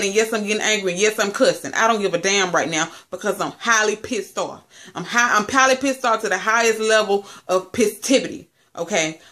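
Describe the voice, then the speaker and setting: A woman's voice: on the high side, fairly bright tone. Profane ranting woman in her late 20s. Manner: profane, exasperated storytelling; addresses viewers as family. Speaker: vlogger. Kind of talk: angry rant to camera.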